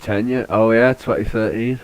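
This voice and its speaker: A man's voice: on the low side, fairly even intonation, normal speed, a little mellow, rough recording. A British man, a podcast host, chatting casually and swearing freely, with laid-back banter. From Britain. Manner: swearing, laid-back, puts on posh voices for jokes. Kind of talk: casual chat.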